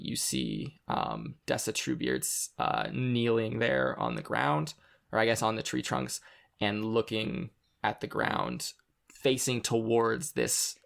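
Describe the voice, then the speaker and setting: Gravelly game master narrating. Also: male voice, medium pitch, a bit bright. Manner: halting, full of ums and likes.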